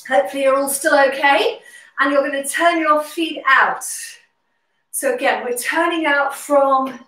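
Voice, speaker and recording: A woman's voice: high voice, measured pace, fairly bright tone. A woman leading a standing pilates workout, cueing moves and counting reps while slightly out of breath. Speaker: pilates instructor. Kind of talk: guided workout instruction. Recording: roomy, distant from the mic.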